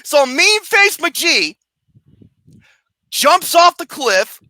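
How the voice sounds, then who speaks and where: Lively, bright-voiced ranting movie reviewer. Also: high-pitched, extremely slow, no echo. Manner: animated, swears constantly, breaks into laughter; sarcastic and mocking. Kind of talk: profane comedic movie review rant.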